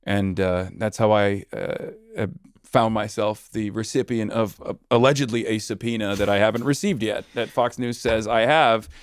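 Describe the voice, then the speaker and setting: A man as a podcast guest, talking politics in long, argumentative, winding sentences that slow down on key points. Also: fairly low pitch, clean tone, no echo, clean studio sound. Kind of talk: political commentary in conversation.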